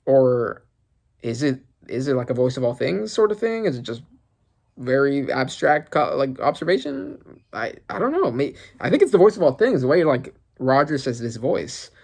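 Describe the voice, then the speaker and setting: A man giving casual reaction commentary as a channel host, excitable and rambling as he thinks aloud. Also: medium pitch, normal speed, vocal fry.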